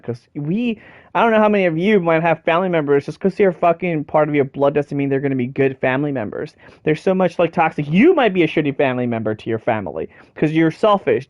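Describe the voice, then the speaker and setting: A man's voice: fairly high pitch, dry recording. A young man, talking about a game in a passionate, rambling way, full of fillers and swearing. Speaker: video creator. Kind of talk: casual emotional game discussion. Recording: dry, dull lo-fi home recording.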